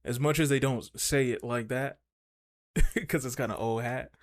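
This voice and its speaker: Podcast co-host guy, mid-pitched voice, jokey and chatty. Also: moderate pace. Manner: joking, chatty interjections. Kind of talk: casual podcast chat.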